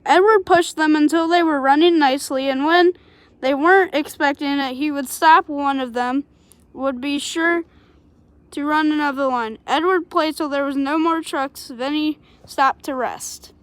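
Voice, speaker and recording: A woman's voice: sits high, measured pace, no room sound. A woman reading a children's storybook aloud in a plain, unpolished way, with small slips along the way.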